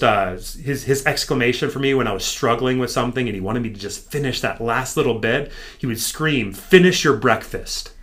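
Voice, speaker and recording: An American man, a podcast guest, telling his story in casual chat and acting out what his trainer told him. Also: medium pitch. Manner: animated, acts out his trainer's lines.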